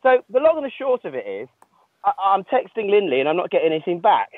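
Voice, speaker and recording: He's a high-voiced ultramarathoner chatting by phone mid-trail, swinging hugely in pitch and talking fast while poking fun at himself with laughter. Outdoors on the long route, his call comes through dry and tinny.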